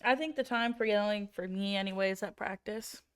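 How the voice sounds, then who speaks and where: A woman's voice: medium pitch, fairly quick, clean tone. A woman who coaches volleyball, chatting in an easygoing way with frequent fillers. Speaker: volleyball coach, podcast co-host. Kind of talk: casual chat.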